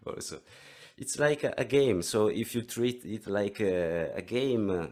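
A man in his thirties with an Italian accent, explaining throat singing in an interview lesson, halting and often restarting his words. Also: on the low side, expressive, a little mellow. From Italy. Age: 30s.

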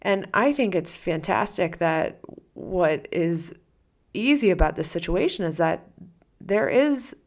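A woman's voice: fairly low pitch, lively intonation, slow. A woman hosting a solo podcast as a coach, talking casually and animatedly, acting out the listener's inner voice.

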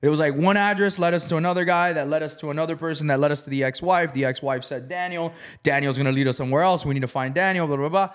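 A man's voice: fairly high pitch, fast talker, hardly any pauses. A man casually telling a story, swearing freely and acting out the people he quotes. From South Florida. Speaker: real estate investor.

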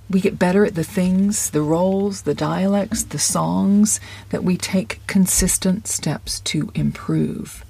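Warm, breathy acting coach, dry close sound. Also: medium pitch. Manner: conversational, encouraging, drops into quick inner-voice asides. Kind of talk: podcast-style lesson monologue.

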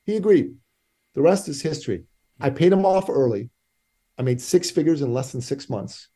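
A man with a mellow, relaxed tone tells his story as a podcast guest. He acts out both sides of each conversation and drives his points home with repeated rhetorical questions. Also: on the high side, moderate pace. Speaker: guest entrepreneur. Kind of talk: animated storytelling.

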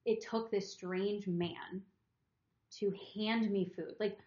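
A young woman co-hosting a podcast, confiding a personal story in an earnest, emotional, rambling way. Her voice sits at an ordinary pitch. It is heard in a roomy, slightly dull recording. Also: steady tone, takes it slowly, darkish tone. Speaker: podcast co-host.

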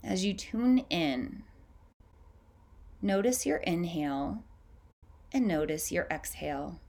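A woman hosting a podcast, leading a guided breathing meditation in a slow, gentle, soothing way with long pauses. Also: on the low side, lively intonation, vocal fry.

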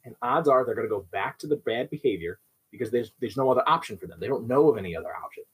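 A man's voice: mid-range voice, animated, fast, slightly rough, rough recording. A young adult man who trains dogs, explaining with everyday examples and often checking in with "right?". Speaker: dog trainer. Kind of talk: instructional talk.

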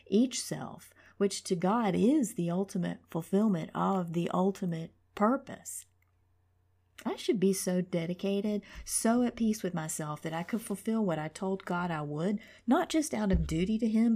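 Woman author reading her memoir, husky and dark, reflective and hushed. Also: on the low side. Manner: reflective, often dropping to a whisper.

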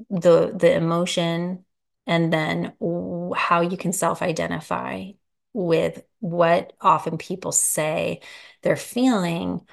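Solo podcast host, female; low gravelly tone, a little breathless, slow and searching, frequent restarts. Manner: soft, unhurried, searching for words with many restarts. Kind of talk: reflective solo podcast talk.

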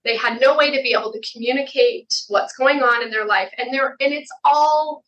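Woman podcast host asking soft searching questions, kinda high, bright sound. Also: lo-fi sound. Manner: warm, searching, halting phrasing. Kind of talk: interview questions.

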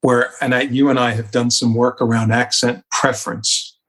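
A man at a medium pitch talks as a guest on a podcast. He is a communication coach and shares reflective stories from his work. His delivery is conversational and gets animated at moments. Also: moderate pace. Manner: reflective, anecdotal, animated in places. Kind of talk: conversational storytelling.

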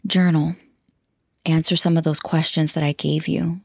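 Female podcast host, low gravelly voice, effusive and heartfelt, dry close mic. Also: little pitch movement, moderate pace, no room sound. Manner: warm, effusive, emotional, laughs often. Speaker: podcast host and self-love coach.

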